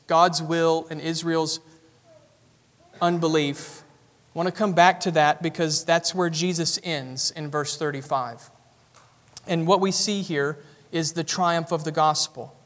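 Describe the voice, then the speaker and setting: A Southern man preaching a sermon in a high, ringing voice. He teaches earnestly and builds to more intensity as he goes. His voice carries with a long reverb through a church sanctuary. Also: fairly bright tone. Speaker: pastor.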